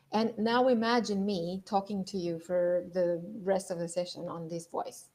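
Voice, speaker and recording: A woman leadership coach leading an online masterclass, calmly guiding listeners through breathing exercises and repeating her points. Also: fairly low pitch, a little slow, few pauses.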